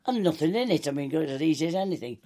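A woman's voice: low voice, expressive, very fast, mellow. An older woman, a long-serving soap actress, chatting through anecdotes in an interview and acting out quoted dialogue. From England. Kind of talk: reminiscing interview.

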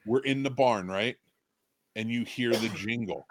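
A man's voice: mid-range voice, unhurried, no room sound. A man in a casual podcast chat, telling a story with lots of swearing and acting out scenes. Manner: animated, swearing storyteller who acts out scenes. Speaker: podcast co-host.

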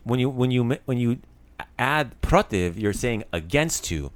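A man hosting a casual language lesson, lively and explaining words with many fillers and restarts. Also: mid-range voice, a little slow, no room sound. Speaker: language podcast host.

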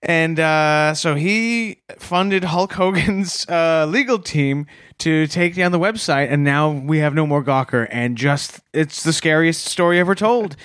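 A man co-hosting a comedy podcast, chatting casually with a deadpan joking manner. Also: a little high, measured pace, clean tone, dry recording, clean studio sound. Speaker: podcast co-host.

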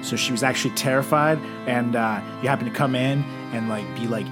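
A man's voice: mid-range voice, steady tone, fairly quick, over music. A young man co-hosting a podcast, joking and riffing crudely with a giggly laugh in casual chat. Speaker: podcast co-host.

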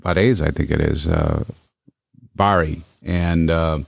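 A man chatting casually, halting with many fillers and telling playful stories. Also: extremely low pitch, steady tone, gravelly, slightly rough, no echo, clean studio sound. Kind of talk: casual chat.

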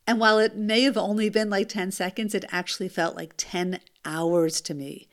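A mother tells a first-person story in an animated, emphatic way, tossing rhetorical asides to the listener. Her voice is mid-range and her pace moderate.

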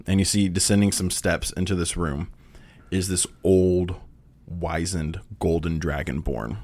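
A man's voice: deep voice, steady tone, measured pace, a little mellow, dry recording. A man narrating as game master of a tabletop game, describing scenes with occasional restarts.

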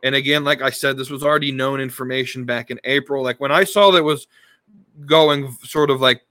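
This man's medium-pitched, steady voice runs a little fast and sounds pushed and bright, with no room sound. Hosting a casual wrestling podcast, he talks loosely and rambles, with many restarts and fillers.

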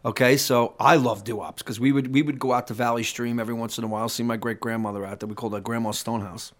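A middle-aged man, a musician guest telling animated stories in a casual interview, swearing and rambling with restarts. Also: medium pitch, fast. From New York.

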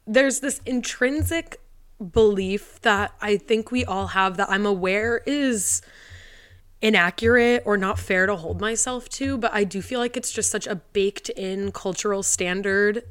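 A woman's voice: mid-range voice, a bit bright. A young woman hosting a solo podcast from her living room, talking close into a mic. She rambles and fills her speech with "like", and she is tearful. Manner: rambling, heavy use of "like", tearful and laughing. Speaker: podcast host. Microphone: studio mic, close.

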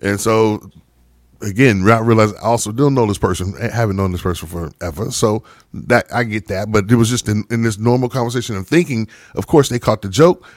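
A man's voice: fairly low pitch, fairly quick, dry recording, clean studio sound. A man co-hosting a podcast in casual chat, telling stories and checking in with "right?". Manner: storytelling, animated, repeats "right?". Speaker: podcast co-host.

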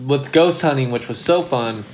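Animated young man telling a ghost story. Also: moderate pace, a little hiss or hum. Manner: animated retelling, voice jumping high when quoting himself in panic. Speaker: podcast host. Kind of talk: casual storytelling chat.

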